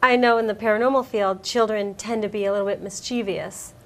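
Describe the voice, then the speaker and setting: A woman's voice: mid-range voice, fairly even intonation, brisk. A woman hosting an internet radio interview, chatty and supportive as she asks questions. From United States. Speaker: host.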